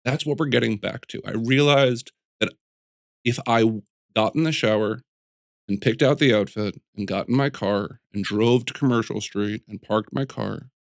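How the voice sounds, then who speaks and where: A man who sculpts, chatting as an interview guest, telling animated stories full of restarts and little voices. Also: fairly low pitch, no echo, studio quality. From United States. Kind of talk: casual interview chat.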